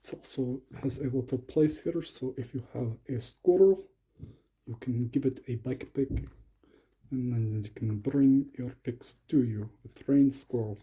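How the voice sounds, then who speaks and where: A man's voice: medium pitch, a little slow, dark tone, husky. A young man doing playful, comic commentary while unboxing lock picks, sometimes slipping into a mock Russian persona.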